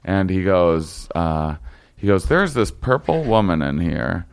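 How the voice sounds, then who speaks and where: A young man with a very low, gravelly voice that still comes through smooth and resonant. He tells a long story in a loose, rambling way, full of fillers, restarts and short laughs. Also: expressive. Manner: rambling, halting, many fillers and restarts, laughs while telling. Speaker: guest telling a story. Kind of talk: casual storytelling chat.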